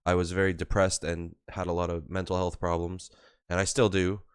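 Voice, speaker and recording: A young man with a very low voice gushes over a song he is hearing, his talk full of "like". He holds his voice down in a room at home, and the sound is close and dry with no room echo. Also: fairly quick, clean tone. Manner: excitable, gushing, peppered with "like"; keeping voice down, hushed asides. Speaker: music reaction host. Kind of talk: music reaction commentary. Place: room at home, early morning, neighbor behind wall.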